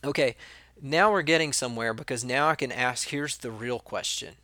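A man's voice: mid-range voice, normal speed, pushed and bright, no room sound. A man talking casually about resolving conflicts, sometimes acting out what kids and he said. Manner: conversational, acts out kids' and his own lines in quotes. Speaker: former school staff member giving advice. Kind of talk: casual advice talk.

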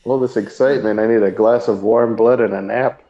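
A man's voice: fairly low pitch, fairly even intonation, fairly quick, warm tone, muffled recording, faint music behind. A man player in a tabletop game, speaking in a dry, mock-formal way.

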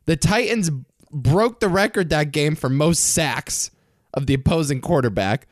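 Male podcast host, lively pitch, teasing, close dry mic. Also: measured pace, no echo. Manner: animated, teasing, laughs often. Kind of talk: casual chat.

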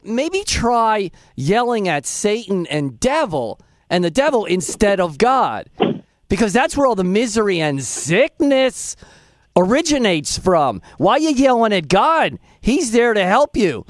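A man's voice: high voice, big pitch swings, a little slow, no room sound. A man hosting a Christian call-in radio show, preaching earnestly and chuckling at his callers. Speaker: radio host.

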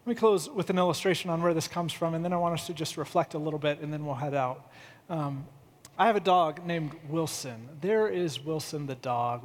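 A man with a high voice preaches in an easy, chatty way, slipping into funny storytelling. His words carry the long reverb of a large church hall. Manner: conversational, humorous storytelling. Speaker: pastor. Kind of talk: sermon.

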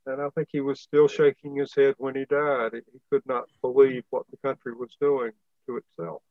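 A man's voice: mid-range voice, level tone, normal speed, dry recording. Male author guest on a dull, dry line. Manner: explanatory, hesitant with fillers. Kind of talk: conversational history interview.

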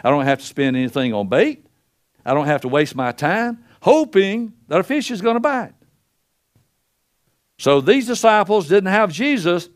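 Older guy preaching, folksy storyteller, voice a bit high, swings loud and soft. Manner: folksy storytelling, acts out quotes, wide swings in pitch and loudness. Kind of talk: sermon.

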